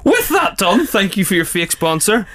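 A man's voice: high voice, very animated, normal speed, fairly bright tone. A man hosting a radio show, bantering casually and teasingly with his co-host in a studio, laughing often. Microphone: studio microphone.

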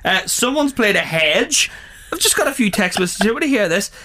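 A man hosting a breakfast radio show, his voice sitting notably high. He talks in a playful, giggly way and laughs easily between lines. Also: sing-song, brisk, bright, forceful tone, a little hiss or hum. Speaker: radio host. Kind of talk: casual radio chat.

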